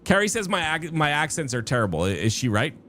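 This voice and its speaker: Very animated and fast, this man's slightly high voice sounds pushed and bright, with slight background noise. He chats casually with viewers during a live game stream, rambling and cutting himself off often, as faint music plays.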